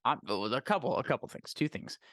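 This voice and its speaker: Animated man chatting about movies. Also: medium pitch, no echo, studio quality. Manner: animated, quick to laugh, emphatic. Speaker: podcast host. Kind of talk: casual movie discussion.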